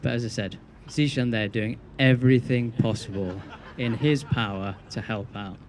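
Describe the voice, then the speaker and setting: A man's voice: mid-range voice, fairly even intonation, moderate pace, very noisy. A young man giving a best man's wedding speech, telling a teasing story with dry punchlines.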